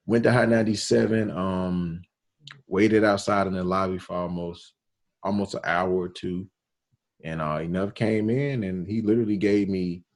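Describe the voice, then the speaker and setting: Deep-voiced man telling stories. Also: darkish tone. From Alabama, US. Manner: laid-back, storytelling with quoted dialogue and slang. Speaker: radio DJ, podcast guest. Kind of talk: casual interview storytelling.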